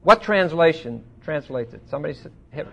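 A man teaching a Bible study in a conversational way, asking his listeners questions and getting louder when he quotes scripture. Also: fairly high pitch, animated, a little fast, vocal fry, breathy edge, muffled recording. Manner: asks the audience questions.

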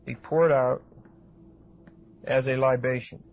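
A man giving an expository Bible lecture to a class, pausing often with fillers and checking in with his listeners. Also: medium pitch, steady tone. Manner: hesitant with frequent uh fillers, asks class questions. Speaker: Bible teacher. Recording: dull lo-fi recording.

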